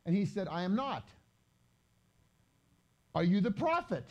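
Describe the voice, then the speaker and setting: A man giving a conversational Bible teaching with slides, reading scripture slowly and explaining it in loose, chatty asides. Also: high voice, sing-song, darkish tone, highs cut off. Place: gathering hall during a live-streamed event.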